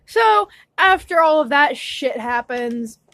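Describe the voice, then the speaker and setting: A woman's voice: high voice, animated, slow, a bit bright, no echo. A young woman vlogging an emotional, swear-filled rant, apologetic and shaky as she tells her story. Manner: upset, ranting with frequent swearing.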